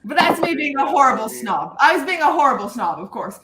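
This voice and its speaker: A woman of thirty from Canada, a guest on a live stream, talking in a lively, self-mocking way. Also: high-pitched, fairly quick, a crowd in the background. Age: 30s. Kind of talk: casual live stream chat. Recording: roomy with faint noise.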